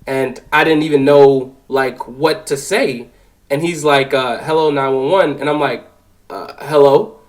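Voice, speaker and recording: A young man in his twenties telling a personal story, animated and profane, with lots of fillers. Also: mid-range voice, measured pace, poor audio. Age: 20s. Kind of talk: casual spoken storytelling.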